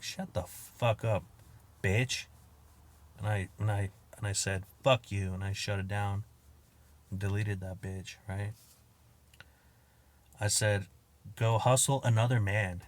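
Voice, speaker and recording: A man hosting a podcast, riffing in a crude, profane monologue, laughing at his own jokes and acting out quotes with loud outbursts. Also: on the low side. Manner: acts out quoted exchanges with sudden loud outbursts. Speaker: podcast host. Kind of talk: casual comedic monologue.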